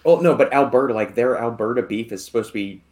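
An American man hosting a podcast, relaxed and easygoing, asking questions and wrapping up the show. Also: mid-range voice, fast talker. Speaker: podcast host. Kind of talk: casual podcast chat.

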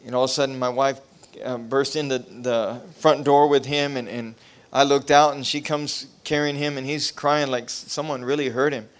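Smooth-voiced male pastor preaching. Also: medium pitch, level tone, normal speed. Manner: preaching with rising emphasis, drops to quiet storytelling. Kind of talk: revival sermon.

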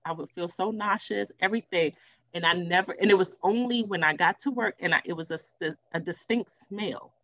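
Animated woman telling a workplace story. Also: fairly low pitch, brisk, no echo, highs cut off. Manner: animated, acts out quoted voices. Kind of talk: casual storytelling chat.

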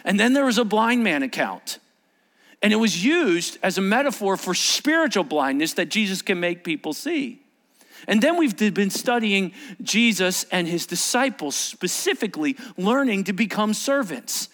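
Animated male pastor preaching. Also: high voice, normal speed. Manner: animated, acts out shouted quotes. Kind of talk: sermon.

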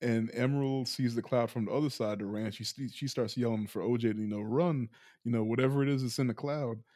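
A man's voice: mid-range voice, steady tone, quick pace, a little mellow, dry recording, studio quality. A man hosting a podcast, casually retelling a film plot and laughing often as he goes. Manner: laughs often while retelling, loose and playful. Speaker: podcast host recapping a film. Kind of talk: casual chat.

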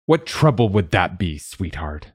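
A man's voice: sits low, sing-song, measured pace, breathy edge, dry recording, clean studio sound, exaggerated voice. A man reading the part of a plump gang boss who speaks with mocking, practiced menace.

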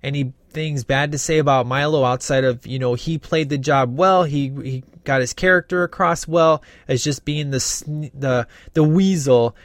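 A man talks through a movie review in a loose, opinionated ramble, full of fillers and restarts. His voice sits a little high for a man. The sound is dry and close, with no room echo. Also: normal speed, hardly any pauses. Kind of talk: casual spoken movie review.

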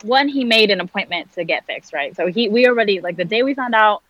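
A woman in her late twenties, appearing as a guest, tells a personal story in conversation, candid and full of fillers as she acts out other people's lines. Her mid-range voice is a bit bright, quick, and lively in intonation. The recording has its highs cut off.

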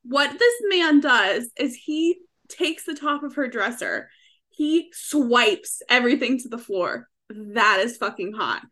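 Young female co-host, bright, slightly high voice, frank and gushing. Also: lively intonation, slow pace. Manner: gushing, frank, laughs often. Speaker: podcast co-host. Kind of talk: casual book-club chat.

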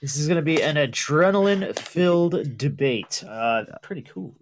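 A male co-host on a radio talk show, asking questions in a halting, hesitant way. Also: fairly high pitch, expressive, crowd noise. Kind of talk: casual radio show banter.

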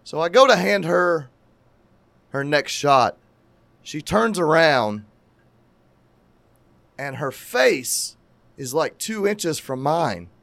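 A man telling a crude, animated story in casual profane podcast chat, laughing at his own tale. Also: fairly high pitch, slow, gravelly, long pauses, dry recording.

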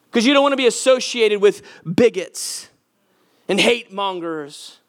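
A man's voice: very high voice, a bit bright. A male pastor giving a sermon, earnest and conversational, often putting direct questions to the congregation.

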